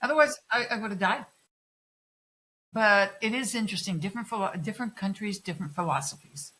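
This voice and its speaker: A middle-aged woman telling personal stories in a candid interview, animated and swearing freely as she acts out other people's lines. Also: medium pitch, fairly quick, rough recording. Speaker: guest. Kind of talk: candid conversational storytelling.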